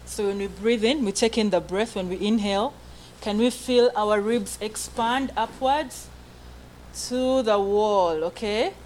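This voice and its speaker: A woman coaching a choir's breathing in an indoor rehearsal room, with a faint hum of room sound behind her. Her pitch sits in a middling range. She counts aloud, gives short commands and keeps checking in with the group. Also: unhurried, a little mellow, rough recording. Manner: coaxing, checks in often with "okay?". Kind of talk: group breathing and singing lesson.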